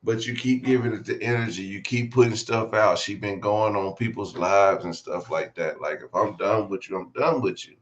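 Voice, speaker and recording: A man's voice: fairly low pitch, normal speed, few pauses, highs cut off. A man co-hosting a casual livestream, giving blunt, laid-back opinions.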